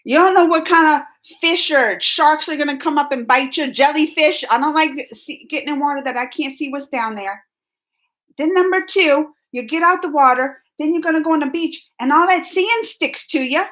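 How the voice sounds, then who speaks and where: Woman streamer, high voice, chatty host reading out chat comments with frequent laughs. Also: normal speed, fairly bright tone. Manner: reads viewer comments aloud, chatty, laughs often. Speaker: reaction channel host. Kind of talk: casual live reaction chat.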